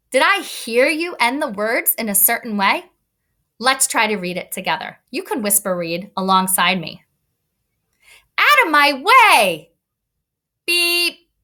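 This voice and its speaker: A woman teacher giving an online read-aloud lesson to young children, talking in an expressive, kid-directed way. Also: fairly high pitch. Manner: animated, expressive teacher voice addressing kids. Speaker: elementary school teacher.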